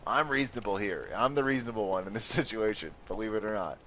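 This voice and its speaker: A man's voice: fairly low pitch, fast, background noise. A man giving casual let's-play commentary, joking, laughing often and talking back to his viewers. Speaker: gaming commentator.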